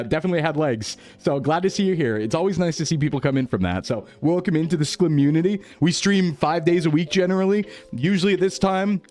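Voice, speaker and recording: A man's voice: a little high, darkish tone. A young man chatting casually on a live stream, rambling, reading chat aloud and laughing often. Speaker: VTuber streamer.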